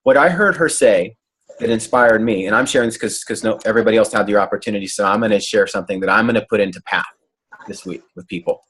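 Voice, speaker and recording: A man's voice: fairly low pitch, quick pace, husky. A man leading a group coaching call, talking in an earnest, encouraging way over a video call. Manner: earnest, animated when imitating excitement. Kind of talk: motivational coaching talk.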